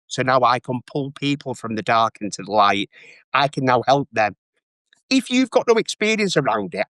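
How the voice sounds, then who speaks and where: A man's voice: mid-range voice, fairly bright tone, no room sound, clean studio sound. A man, talking candidly and with emotion as an interview guest, often repeating his phrases. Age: 40s.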